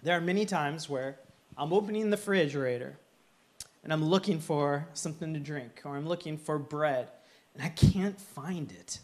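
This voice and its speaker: A man's voice: fairly high pitch, normal speed. A man preaching as a pastor in a church, earnest and emphatic, now and then slipping into playful humor. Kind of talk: sermon.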